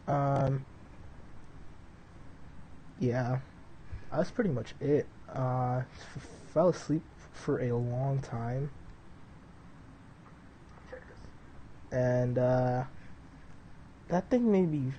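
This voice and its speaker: A young man in casual live-stream chat, wandering from flight checks to talk with his viewers. His voice is warm and mellow at an ordinary middle pitch. He rambles loosely, leaning on "dude" and "like". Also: a little hiss or hum, poor audio.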